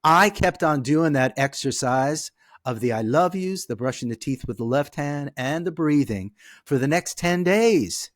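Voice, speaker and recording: A man who is a podcast guest, telling a personal story in a lively way. He often checks in with the listener by asking "okay?". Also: on the high side, measured pace, dry recording, clean studio sound.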